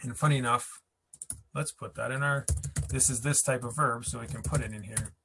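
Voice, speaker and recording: A man's voice: medium pitch, fairly even intonation, fairly quick, background noise. A man teaching a language class, patient and chatty, thinking aloud as he explains and writes examples. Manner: patient, laughs easily, thinks aloud mid-sentence. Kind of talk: explaining grammar at a whiteboard.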